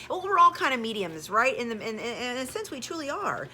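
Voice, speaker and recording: Earnest Southern woman, healing coach, bright voice over faint room ambience. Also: a little high, big pitch swings, brisk, hardly any pauses, a little hiss or hum. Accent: Southern American. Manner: earnest, emphatic, repeats words. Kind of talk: casual motivational talk to camera.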